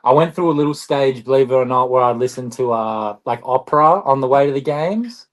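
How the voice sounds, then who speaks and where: This is a young man, a basketball player guesting on a podcast. He tells his stories in a chatty, rambling way, with restarts and lots of "like". His voice sits in a medium pitch range. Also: fairly quick, poor audio. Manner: chatty, rambling, animated storyteller. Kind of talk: casual podcast storytelling.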